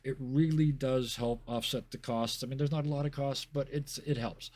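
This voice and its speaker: A man's voice: medium pitch, steady tone, moderate pace, a little mellow. A man hosting a stream as game master, narrating a scene and then thanking players and chat in a chatty, self-deprecating way.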